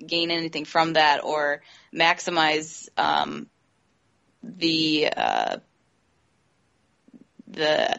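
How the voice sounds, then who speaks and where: A woman co-hosting a casual discussion, often pausing to search for words and restarting. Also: deep voice, sharp tone. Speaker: podcast co-host. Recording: dull lo-fi recording.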